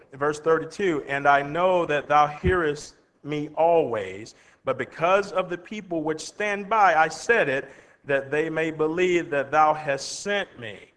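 A man with a slightly high voice preaches a sermon, reading scripture aloud and then explaining it in plain words. He asks his listeners rhetorical questions as he goes. His voice rings out with a long reverb, as in a big hall. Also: fairly bright tone.

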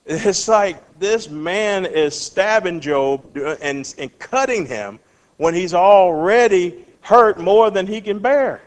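A man leading a Bible study, reading verses and acting out what people say, with lively questions to his class. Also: high voice, takes it slowly. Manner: animated, acts out quotes, asks the class questions.

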